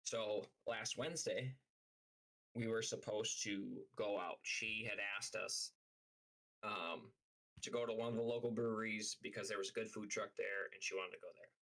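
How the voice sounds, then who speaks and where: A young man rambles through a story on a live stream, swearing often and saying "like" constantly. His voice is fairly low and steady, moving at a moderate pace with a sharp tone, and the audio quality is poor.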